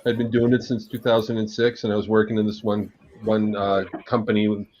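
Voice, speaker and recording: A man, a guest agile coach, telling an animated anecdote during a live panel talk. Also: lowish voice, a little fast. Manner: animated, vivid anecdotal delivery. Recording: dull lo-fi sound.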